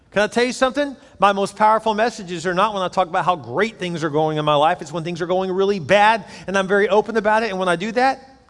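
High-voiced man preaching in a hall. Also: fairly bright tone. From United States. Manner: conversational preaching, acts out quoted voices. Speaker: pastor. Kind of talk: sermon.

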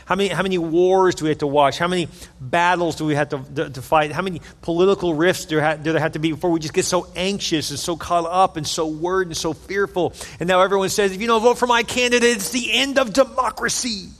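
A man's voice: fairly high pitch, steady tone, fast talker. Man preaching in an echoey hall. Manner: earnest, conversational preaching with repeated phrases. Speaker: pastor. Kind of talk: sermon.

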